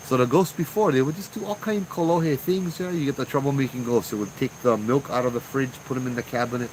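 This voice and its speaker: A man's voice: mid-range voice, fast, a little mellow, a little hiss or hum, rough recording. A man with a Hawaiian Pidgin accent, casually telling ghost stories to his live viewers in a chatty, laughing way. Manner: laid-back, laughing, chatty. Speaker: ghost-story channel host.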